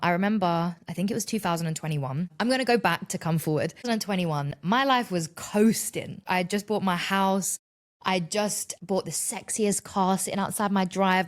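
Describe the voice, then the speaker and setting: Woman, 30s, solo podcast host; candid, expressive, profane, conversational delivery. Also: medium pitch. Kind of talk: casual solo podcast monologue.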